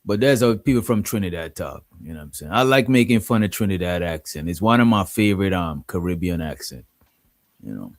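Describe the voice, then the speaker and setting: A man's voice: low voice, animated, a little fast, dry recording. Easygoing man, dry close sound. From Guyana. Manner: rambling, frequent "you know what I'm saying". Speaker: streamer host. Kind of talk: casual live-stream chat.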